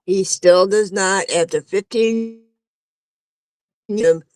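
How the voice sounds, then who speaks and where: A woman's voice: mid-range voice, takes it slowly, darkish tone, no room sound, studio quality. A woman on a livestream, laughing and complaining in casual chat.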